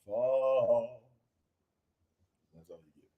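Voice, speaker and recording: A man co-hosting a live stream, joking in a dry, low-key way in casual chat. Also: fairly quick, narrow, tinny audio. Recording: roomy echo.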